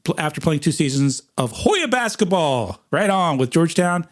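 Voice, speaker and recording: Man, 60s, podcast co-host, casual chat, enthusiastic, news reading, fairly high voice. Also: very animated, normal speed.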